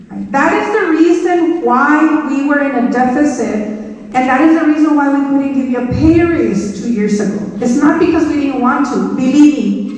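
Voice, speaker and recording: A woman's voice: high-pitched, a little mellow. A middle-aged woman, a school superintendent giving a speech to staff in a large auditorium, emphatic and repeating her key points to the audience. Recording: echoey auditorium, voice from far off.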